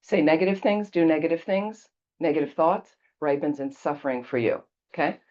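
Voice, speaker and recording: Low-voiced woman Buddhist teacher. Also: normal speed, a little mellow, highs cut off. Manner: conversational storytelling, checks in with "okay?". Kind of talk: casual dharma talk.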